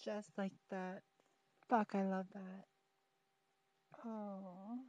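Young adult woman, intimate audio role-play, very slow unhurried delivery, soft teasing pleading manner, dry close-miked dull recording. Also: medium pitch, little pitch movement, no room sound. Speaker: audio performer.

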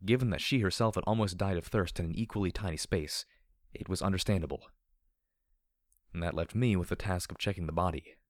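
A man reads a dark adventure story aloud in a steady, measured way. His voice sits very low, and the sound is dry and close with no echo at all. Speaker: narrator. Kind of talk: audiobook reading of dark fan fiction.

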